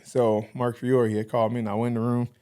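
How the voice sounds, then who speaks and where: A man in his thirties, a podcast guest in casual conversation, telling animated stories and acting out quoted dialogue. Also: mid-range voice, fast, smooth. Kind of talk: casual interview chat.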